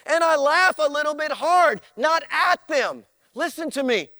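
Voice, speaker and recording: High bright voiced preacher guy, slow and emphatic, keeps repeating himself. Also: expressive, slight background noise. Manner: emphatic, repetitive, talks straight to the listener. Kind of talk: sermon. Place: church.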